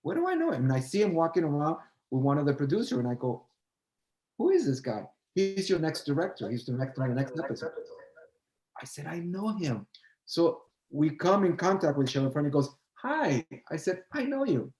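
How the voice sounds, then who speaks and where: A man's voice: fairly high pitch, expressive, fairly quick, darkish tone, roomy sound, rough recording. An older man, a choreographer and guest, telling a story in a casual chat and acting out both sides of the remembered dialogue.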